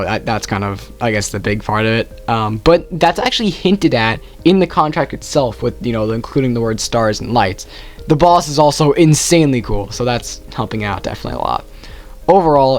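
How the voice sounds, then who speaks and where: Rambling young man ranking game quests. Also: medium pitch. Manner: rambling, self-correcting, with frequent "like". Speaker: gaming youtuber. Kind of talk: casual game ranking commentary.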